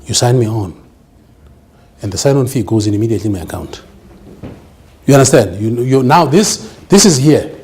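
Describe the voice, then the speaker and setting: A man's voice: mid-range voice, animated, fairly quick, darkish tone, slight background noise. A man giving an emphatic business seminar lecture, often checking that the audience understands. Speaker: business speaker.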